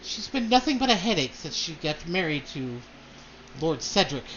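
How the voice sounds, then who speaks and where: A man's voice: a little high, very animated, moderate pace, fairly bright tone, slight background noise. A man voicing Lady Dahlia, a haughty noble mother who gossips and complains about her ambitious daughter, on a dull lo-fi recording. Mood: bitter.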